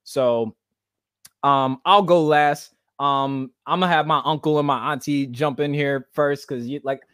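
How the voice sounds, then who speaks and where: Animated young man hosting a video chat. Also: a little high, unhurried, smooth, no room sound, studio quality. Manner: animated, slangy, hyped talk. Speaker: podcast host. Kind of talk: casual chat.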